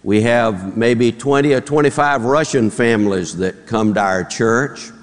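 A man's voice: medium pitch, unhurried. A male pastor preaching a sermon at a Bible conference, chatting in asides to the congregation. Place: large hall at a Bible conference. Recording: archival sermon with long hall reverb.

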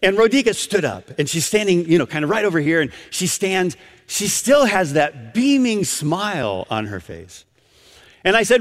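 Animated preacher man telling a story. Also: high voice, moderate pace, in a large hall. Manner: animated, acts out quotes. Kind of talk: sermon storytelling.

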